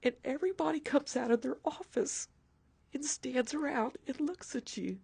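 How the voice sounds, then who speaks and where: A woman's voice: sits high, normal speed, vocal fry, darkish tone, breathy edge. A woman recounting her son's childhood illness in a personal storytelling interview, emotional and dropping into whispers as she voices the doctor.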